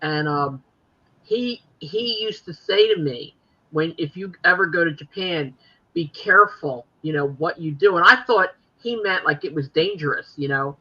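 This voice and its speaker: Male podcast voice, high, very bright and sharp, muffled lo-fi sound, animated. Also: normal speed. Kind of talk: casual podcast chat.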